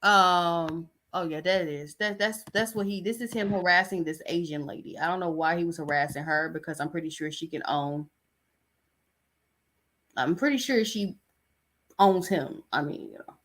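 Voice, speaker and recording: A woman's voice: lowish voice, moderate pace, fairly bright tone, slight background noise. A woman hosting a podcast, giving casual commentary in a blunt, exasperated, chatty way. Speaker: podcast host.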